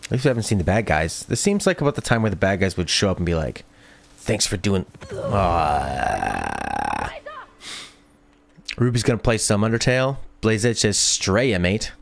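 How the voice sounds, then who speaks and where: A man doing casual let's play commentary, reading chat comments and cracking jokes. His voice sits low but swings widely in pitch, animated throughout. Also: fast talker. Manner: playful, reads chat aloud and jokes.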